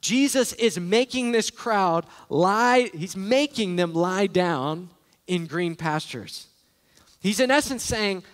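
A man with a notably high voice delivers an earnest, emphatic sermon as a pastor. He drives his points home by repeating key phrases, and his voice rings through the long echo of a large church sanctuary. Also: normal speed, a bit bright. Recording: echoey church hall.

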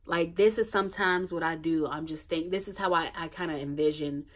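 Blunt, low-voiced woman giving a pep talk. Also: fairly quick. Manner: blunt and emphatic, swears freely, repeats phrases for weight; shifts between loud outbursts and hushed, near-whispered asides. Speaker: motivational vlogger. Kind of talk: casual motivational talk to camera.

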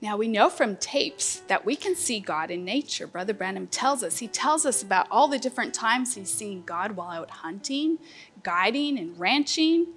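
A woman teaching a children's Bible lesson, asking the class lively questions. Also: medium pitch, moderate pace, faint music behind. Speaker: homeschool teacher.

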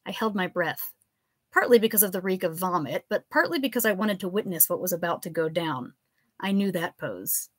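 A woman reading her own comic novella aloud with a lively, animated delivery. Her pitch moves around a great deal. The recording is dry, with no room sound. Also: moderate pace, breathy edge, dry recording. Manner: expressive, animated storytelling. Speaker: author and reader. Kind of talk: live fiction reading.

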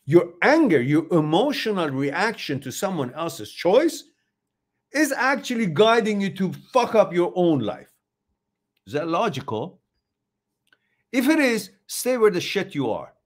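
Blunt, swearing man with lively pitch. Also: measured pace. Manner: blunt, swears freely, emphatic. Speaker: host. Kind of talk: motivational talk to viewers.

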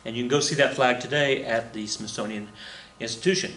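A man's voice: medium pitch, brisk, fairly bright tone, a little hiss or hum. A man teaching a history lesson in a casual, rambling way, with lots of fillers, restarts and chuckles. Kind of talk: casual recorded lecture. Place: room with a flag on the wall. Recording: echoey room.

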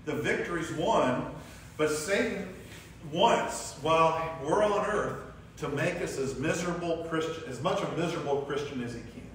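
A man teaching a church class, talking in a loose, conversational way and asking questions of the room. His voice sits a little higher than most men's. It was recorded from a distance in a very echoey room with a faint hiss under it. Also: normal speed. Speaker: Sunday school teacher. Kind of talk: church class lesson with discussion.

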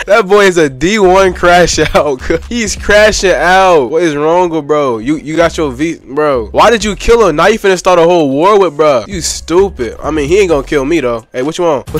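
A young man giving excitable, slang-heavy gameplay commentary while chatting with other players. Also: on the high side, moderate pace, soft background music. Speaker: gaming YouTuber.

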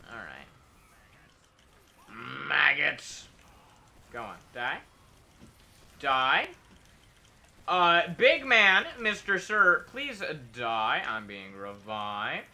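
A man's voice: medium pitch, huge pitch swings, very slow, sharp tone. A man streaming a video game, talking casually and joking in a rambling, mock-patriotic way. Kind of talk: casual gameplay commentary.

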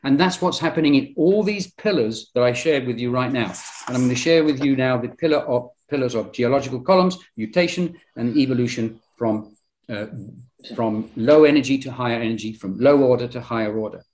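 A man's voice: medium pitch, a little fast, darkish tone. A man with a British accent presenting in a Bible study discussion, insistent and argumentative with frequent restarts. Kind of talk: lecture-style group discussion.

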